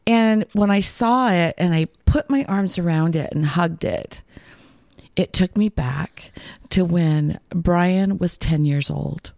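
A woman co-host telling a story at an unhurried pace. She rambles a bit and often breaks into laughter. The sound is dry and close. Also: on the low side, gravelly, a little mellow, no echo. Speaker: podcast co-host. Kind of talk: casual storytelling chat.

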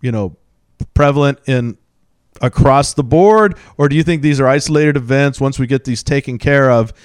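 Easygoing male radio host, smooth dry voice. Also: mid-range voice, normal speed, no echo. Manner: easygoing, chatty, trails into asides. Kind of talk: casual radio chat.

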